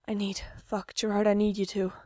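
A woman's voice: mid-range voice, monotone, normal speed, no echo, studio quality, natural voice. A woman voicing a breathless, pleading young man in a whispered role-play, barely above a breath. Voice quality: soft unvoiced whisper.

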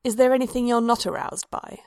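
A woman's voice: a little high, fairly quick, a little mellow, dry recording, pitched above the performer's own voice, close to an everyday voice. A woman voicing a shrewd, dazed young elf woman with a dry, wry manner, recorded dry and close.

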